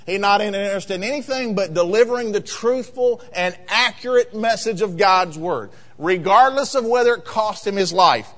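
Male pastor, sermon; high, very lively delivery, echoing hall. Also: moderate pace, few pauses. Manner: animated preaching, acts out voices, rises to loud emphatic peaks. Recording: long hall reverb.

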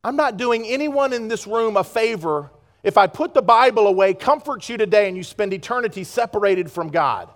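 A pastor preaching a sermon to his congregation, with pleas that swing from loud urgency to hushed earnestness. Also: high-pitched, lively intonation, normal speed, long reverb tail. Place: church sanctuary.

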